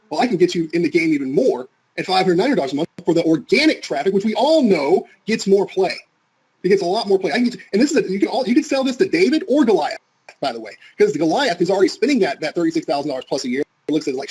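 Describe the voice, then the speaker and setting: A man's voice: sits high, animated, darkish tone, soft background music, poor audio. A man teaching a live marketing seminar in a casual, salesy way, quizzing the audience as he goes. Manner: fast, casual, salesy, asks the audience questions. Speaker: marketing instructor.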